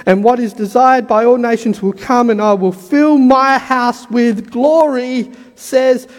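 A man preaching a sermon with fervour, repeating key lines and building to shouts, his voice going hoarse. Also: very high-pitched, steady tone, a little slow, big-room sound.

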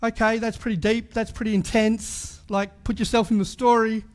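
A man's voice: high-pitched, level tone, moderate pace. A man preaching a sermon in a chatty way, full of asides and rhetorical questions.

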